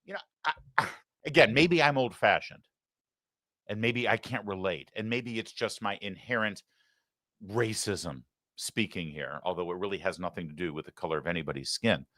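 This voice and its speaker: A middle-aged male host delivering political commentary with biting sarcasm and indignation. His pitch swings widely as he presses each point, and the sound is close and dry with no room around it. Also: expressive, normal speed, pushed and bright, no echo.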